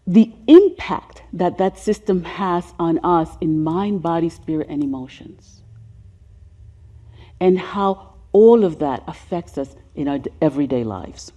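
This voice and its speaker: Deep-voiced older woman, soft-spoken. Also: unhurried. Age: about 70. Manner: soft-spoken, sinking to a whisper on emotional points. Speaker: speaker on racial healing. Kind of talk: seminar presentation.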